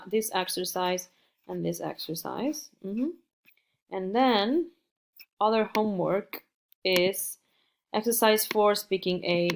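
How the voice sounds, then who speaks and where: A female teacher walks through English vocabulary at an unhurried, deliberate pace. Her voice sits a little low for a woman, and she says key words twice so that students can follow. The delivery is patient and plainly instructive. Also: a little hiss or hum. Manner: repeats words slowly and carefully for learners. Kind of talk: recorded online English lesson.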